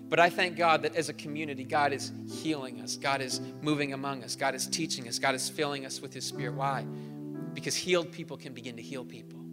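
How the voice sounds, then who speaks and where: A man preaching a sermon as pastor, earnest, building to emphatic repeated phrases in a large church hall. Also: fairly high pitch. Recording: live church hall reverb with soft instrumental music.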